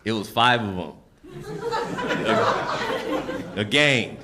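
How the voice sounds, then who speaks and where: A man performing a stand-up comedy set, telling a story with animated delivery and acting out the people in it while an audience laughs. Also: lowish voice, very slow, heavy background noise.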